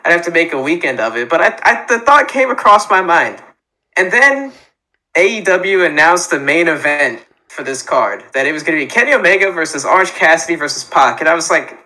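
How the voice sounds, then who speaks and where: Bright, fairly high-pitched male co-host. He talks in an easy, joking way and slips into little acted-out voices for his stories. It is relaxed podcast banter. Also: rough recording. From Florida. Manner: joking, animated, acts out mock dialogue. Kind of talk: casual chat.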